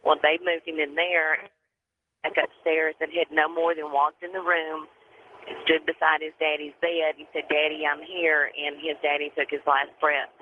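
A woman on the phone calmly retelling a family story to a radio host. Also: deep voice, moderate pace. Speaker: caller. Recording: tinny phone line with faint hiss.

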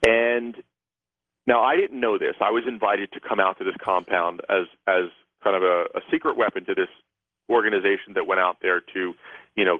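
A man's voice: low voice, no room sound. A man, a guest author and psychic, telling a rambling story with many restarts during a radio interview. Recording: tinny phone line.

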